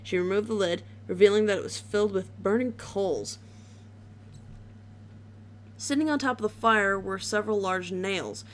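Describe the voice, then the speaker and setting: A woman's voice: mid-range voice, normal speed, pauses often, a little hiss or hum. Woman casually reading a horror story. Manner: casual reading with slips and restarts.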